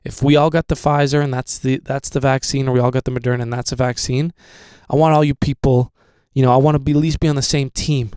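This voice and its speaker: A man's voice: medium pitch, flat delivery, quick pace, a little mellow, clear, resonant tone, no echo. A young man hosting a podcast, rambling casually with lots of fillers and swearing. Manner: rambling, profane, with many fillers. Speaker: podcast host.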